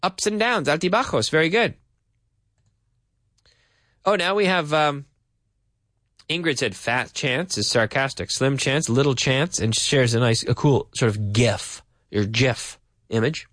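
A Canadian man hosting a live radio English lesson from a studio, reading listener messages and explaining phrases slowly with examples. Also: medium pitch, fairly bright tone, no echo. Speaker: radio English teacher and host.

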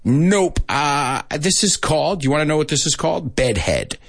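A man hosting a casual live English lesson, joking and laughing often at himself and spelling out letters slowly. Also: a little high, sing-song, vocal fry, no echo, studio quality. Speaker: live-stream host teaching English.

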